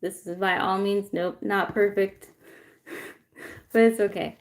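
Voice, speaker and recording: A woman giving a casual tarot reading to viewers, chatty and excitable, with lots of fillers and asides, recorded on a phone on a tripod. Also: mid-range voice, slow pace. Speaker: tarot reader.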